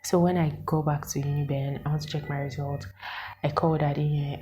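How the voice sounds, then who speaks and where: Low-voiced Nigerian woman telling a story. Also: brisk, faint music behind, poor audio. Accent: Nigerian English with Pidgin words. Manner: animated and exasperated, asks the viewer questions. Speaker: vlogger. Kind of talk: casual storytelling to camera.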